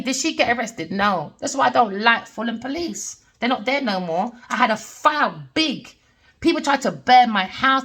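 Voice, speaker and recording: A woman's voice: medium pitch, a bit bright. A middle-aged woman, a tarot reader delivering a heated, blunt personal rant with swearing. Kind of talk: ranting personal monologue.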